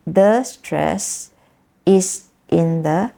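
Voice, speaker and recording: Slow, gravelly Malaysian woman lecturer. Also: deep voice, dark tone. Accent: Malaysian English. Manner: patient, repeats examples, checks understanding with tag questions. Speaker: university lecturer. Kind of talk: classroom lecture.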